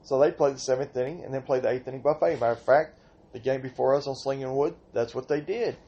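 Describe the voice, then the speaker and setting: An older man hosting a podcast, telling softball stories in an exasperated, ranting way with sudden outbursts. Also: medium pitch, fast, highs cut off. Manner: exasperated storytelling, rhetorical outbursts. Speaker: podcast host and senior softball player. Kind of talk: casual podcast rant.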